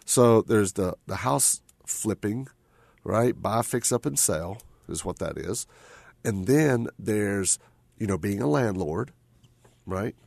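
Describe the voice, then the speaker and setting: A man's voice: fairly low pitch, animated, slow, vocal fry, a little mellow, no echo. A man hosting a radio talk show, chatting casually and tagging his points with "right?" and repeated phrases.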